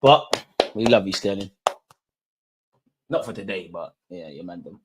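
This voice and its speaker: A man's voice: sits low, lively intonation, unhurried, very noisy. A young man hosting a live football watch-along, reacting as a partisan fan and talking straight to his viewers in street slang. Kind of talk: live fan commentary on a match.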